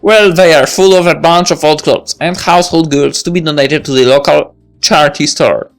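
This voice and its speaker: A woman voicing a gentle, fond old grandfather while reading a visual novel aloud. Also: deep voice, faint music behind. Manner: slow, fond, grandfatherly delivery.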